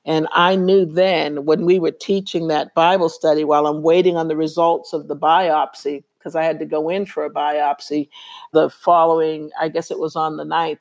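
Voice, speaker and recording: A woman's voice: low voice, a little mellow. A woman guest in an interview giving a personal testimony, telling her story earnestly and acting out the dialogue she quotes. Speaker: interview guest, women's Bible study leader.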